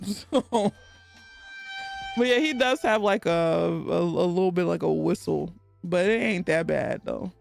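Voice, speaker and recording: A woman's voice: fairly low pitch, unhurried, gravelly, darkish tone, faint music behind. A woman with a Texan accent and a slight lisp, chatting casually on a live stream and laughing often as she answers her chat.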